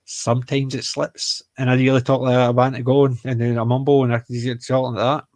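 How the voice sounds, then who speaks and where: This podcast co-host is a Scottish man with a Glasgow accent who rambles, jokes and keeps self-correcting mid-sentence in a relaxed conversation. He speaks fairly quickly in a mid-range, darkish voice with flat delivery, and the recording has no echo.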